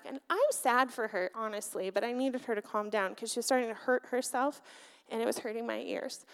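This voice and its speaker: A woman in her thirties or forties preaching a sermon before a congregation. She tells a personal story in a candid, conversational way, with filler words. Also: fairly high pitch. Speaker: church speaker, pastor's wife. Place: church sanctuary before a congregation.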